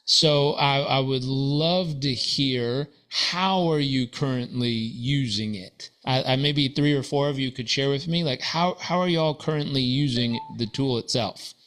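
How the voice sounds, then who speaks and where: A man speaking as guest coach on a video call, friendly and relaxed with small restarts. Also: medium pitch. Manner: friendly, relaxed, slightly halting. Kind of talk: casual chat on a video call.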